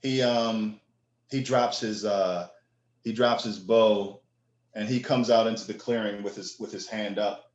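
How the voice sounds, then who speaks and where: Man game master, low voice, halting narration, echoey room, lo-fi. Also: steady tone. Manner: halting, many fillers and restarts. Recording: echoey room, dull lo-fi sound.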